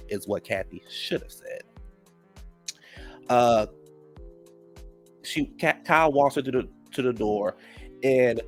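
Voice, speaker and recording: A man talks through a reality show episode with plenty of attitude and slang, now and then jumping into a high, theatrical voice to act out what the cast said. His voice sits in a middle range, with faint music playing underneath. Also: slow pace, long pauses. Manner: sassy, animated, acts out cast members' lines in a high voice. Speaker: show reviewer. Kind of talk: casual recap commentary.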